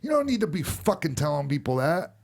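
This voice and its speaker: A man talks on a podcast in a high voice and rants with heat, swearing freely as he vents. His tone is casual and blunt. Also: big pitch swings, a little fast, gravelly. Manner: ranting, profane, heated. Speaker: podcast host.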